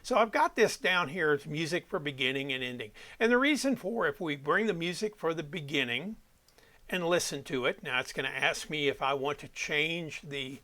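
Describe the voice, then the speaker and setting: A man's voice: fairly high pitch, animated, normal speed, pushed and bright. A man explaining audio editing step by step, as an instructor walking students through a tutorial. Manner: plain step-by-step explaining, self-correcting.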